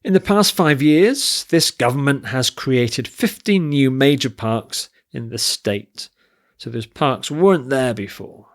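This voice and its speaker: Here an expressive man with a mid-range voice teaches English vocabulary. Working slowly and deliberately, he spells out word forms and their stress and carefully reads through example sentences.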